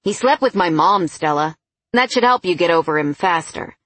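A woman's voice: fairly low pitch, expressive, normal speed, a bit bright, dry recording. A sulky, guarded young man with a bitter, grudging edge to every line, as a woman reads him. He sounds close and dry, with no room around him. It comes across as a plain audiobook performance.

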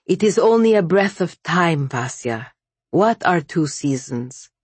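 A woman reading the lines of a male winter king, an ancient frost spirit, in a calm, measured storybook voice. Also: lowish voice, breathy edge, no echo. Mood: quiet.

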